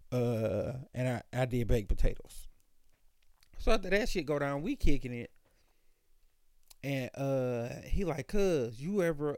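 A podcast host speaks alone in a medium-pitched, slightly mellow voice, telling loose, profane, slangy stories in a casual monologue. He's an adult who calls himself an old dog, and the sound is clean studio audio with no room sound.

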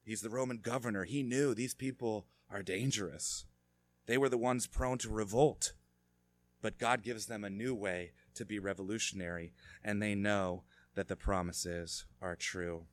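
Low-voiced male preacher, fervent sermon. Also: no echo. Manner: dynamic preaching, swelling from quiet reflection to fervent emphasis. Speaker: pastor.

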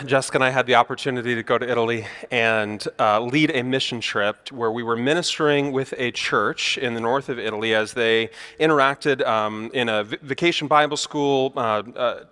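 A pastor giving a sermon, telling a story in a conversational way with self-deprecating humor. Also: male voice, medium pitch, a bit bright, clear, resonant tone. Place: church sanctuary. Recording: church hall reverb.

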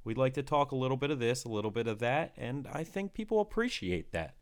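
A man's voice: mid-range voice, very animated, quick pace, smooth. A man co-hosting a podcast in casual chat, agreeable and affirming. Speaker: podcast co-host.

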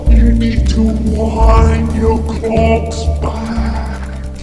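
A woman voicing an eerie talking crocodile spirit who gives slow, solemn cryptic warnings, in an echoey hall with music. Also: on the high side, completely flat delivery. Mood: ominous.

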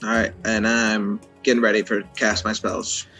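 A man speaks bluntly as a player in a tabletop game. His voice is bright and forceful, with faint music in the background. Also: fairly low pitch, flat delivery, normal speed. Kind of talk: playing a tabletop game, casual chat.

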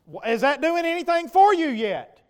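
A male pastor preaching a sermon, asking the congregation questions and building to loud, emphatic passages. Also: very high-pitched, sing-song, normal speed. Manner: preaching with rhetorical questions to the congregation, rising to shouts.

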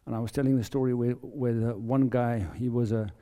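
A South African man shares a faith testimony in a deep, very mellow tone. He speaks earnestly and haltingly, often repeating words as he feels his way through the story. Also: steady tone. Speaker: lay preacher giving testimony. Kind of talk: personal testimony in a sermon.

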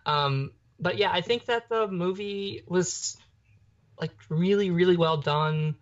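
A young adult co-hosting a podcast chats casually about a film, rambling with many fillers and restarts. The voice is medium-pitched and slow, heard through dull lo-fi podcast audio.

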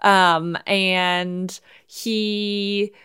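A woman's voice: medium pitch, level tone, extremely slow, bright, forceful tone, clear, resonant tone. A woman co-hosting a podcast, playfully making up a movie plot in a casual, giggly way. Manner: playful, giggly storytelling with many ums. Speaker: podcast co-host.

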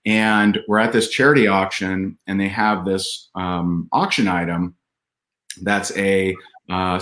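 Male guest, lower register, earnest conversational storyteller, fillers and restarts. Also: fairly bright tone. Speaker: podcast guest. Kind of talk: casual storytelling.

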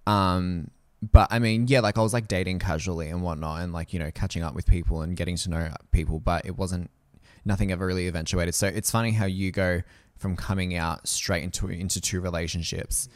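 Young male co-host, low-ish voice, relaxed storytelling chat, swears freely, mimics people in his stories. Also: brisk, no room sound, clean studio sound. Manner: animated storyteller, swears often, acts out voices in quotes. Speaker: podcast co-host. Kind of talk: casual chat.

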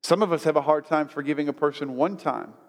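A man's voice: fairly high pitch, fast talker. Give me a male pastor preaching in a church with a long reverb, reading scripture dramatically. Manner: storytelling with dramatic scripture reading, stumbles and repeats. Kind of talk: sermon.

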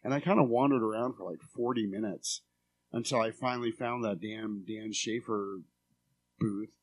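A man in casual chat, telling an animated, swearing story about a convention. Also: fairly low pitch, moderate pace. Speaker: podcast co-host.

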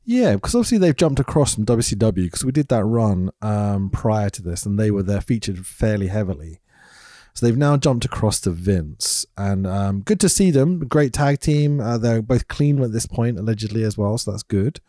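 A man's voice: lowish voice, lively intonation, moderate pace, dark tone, no room sound, studio quality. A man recovering from a throat infection, co-hosting a casual chat and laughing often. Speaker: podcast co-host.

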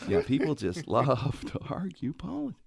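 A man's voice: medium pitch, huge pitch swings, moderate pace, creaky, slight background noise. A male host chatting casually, rambling through stories with laughs and restarts. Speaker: radio show host. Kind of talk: casual chat.

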